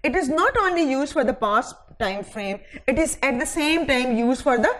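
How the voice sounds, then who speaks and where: A woman's voice: high-pitched, lively intonation, normal speed, a bit bright, low-quality recording. A woman teaching English grammar in a recorded lecture, dictating example sentences word by word and checking in with "fine" between points, with a Pakistani English accent.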